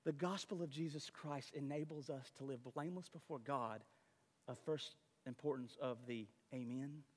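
A man preaching a sermon to his church, dramatic, swinging between booming emphasis and hushed asides. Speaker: pastor. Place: church sanctuary. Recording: reverberant church hall.

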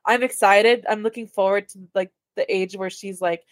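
A young woman co-hosting a podcast in casual chat, talking quickly through stories with lots of filler words. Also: medium pitch, dry recording, studio quality. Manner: chatty, heavy on fillers, animated retelling. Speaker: podcast co-host.

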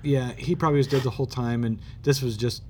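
A man's voice: medium pitch, fairly even intonation, fast, a little mellow, a little hiss or hum. A man co-hosting a podcast, chatting casually about a comic and reacting with disbelief. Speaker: podcast co-host. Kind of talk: casual comic book discussion.

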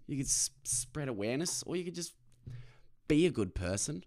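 A man's voice: a little high, big pitch swings, moderate pace, a little mellow. A young Australian man hosting a casual podcast from his car, ranting and swearing freely, and putting on other people's voices. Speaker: podcast host. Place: parked car.

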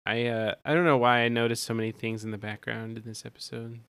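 Low-key podcast co-host man. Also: flat delivery, fast, fairly bright tone, clear, resonant tone, no echo. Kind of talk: casual chat recapping an episode.

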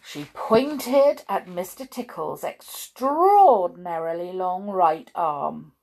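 Slow, sing-song woman reading a storybook. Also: on the low side, gravelly. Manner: expressive, sing-song, with small slips. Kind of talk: reading a children's storybook aloud.

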